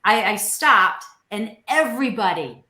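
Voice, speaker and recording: A woman co-hosting, telling a story in an animated way and acting out the quoted dialogue. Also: medium pitch, unhurried. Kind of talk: casual storytelling. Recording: roomy echo.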